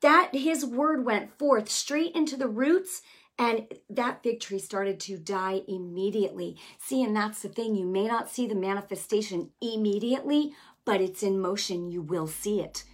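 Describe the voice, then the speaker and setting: A woman giving a passionate Christian healing testimony, repeating phrases for emphasis and building to near-yelling, then easing into conversational asides. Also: medium pitch, normal speed. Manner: conversational asides, many restarts and fillers.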